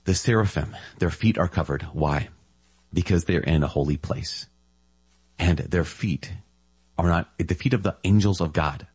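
A man's voice: deep voice, darkish tone, slightly rough, no room sound. A man giving a casual, enthusiastic reflection on scripture as a Catholic preacher, often marvelling aloud.

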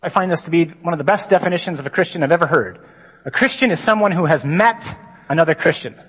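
A man, a priest, giving a lively conference talk to a crowd of men. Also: a little high, fast talker, slightly rough. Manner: lively, mimics stuffy readings. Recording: long hall reverb.

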